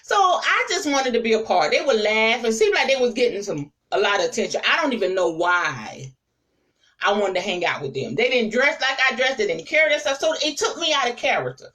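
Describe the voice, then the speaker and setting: A woman apostle telling stories in a sermon, lively and conversational, speaking straight to her listeners. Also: fairly high pitch, brisk, distant mic, rough recording. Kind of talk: storytelling sermon to a live audience.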